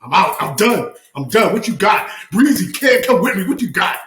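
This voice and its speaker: Man, podcast co-host, high voice, passionate profane rant, repeats himself, roomy echo. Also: very animated, normal speed, fairly bright tone. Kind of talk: comedic rant.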